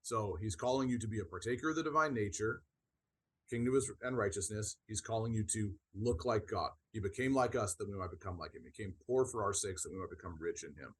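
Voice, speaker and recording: On a podcast, a co-host with a low, husky voice talks through spiritual ideas. He's earnest and frequently restarts sentences while explaining, so it comes across as unhurried, conversational teaching.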